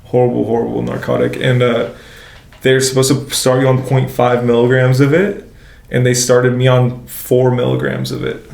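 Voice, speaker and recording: A man's voice: mid-range voice, monotone, normal speed, gravelly, darkish tone. A young man telling a story in casual chat, slangy, swearing a lot and filling his speech with "like". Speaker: guest. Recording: echoey room.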